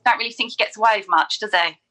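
Bright-voiced laughing woman. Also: medium pitch, fast talker. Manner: laughs a lot, swears. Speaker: podcast guest, shop worker. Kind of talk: casual chat.

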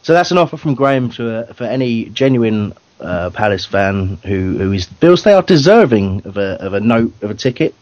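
A man's voice: fairly low pitch, very animated, moderate pace, few pauses, darkish tone, dry recording. A man hosting a fan radio show in casual banter, chatty and self-deprecating, laughing often. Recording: dull, dry lo-fi recording.

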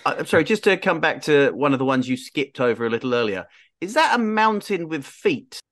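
Brief: player with a very animated voice, wry remarks, dry close sound. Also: medium pitch, fairly quick, no room sound. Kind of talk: casual tabletop play.

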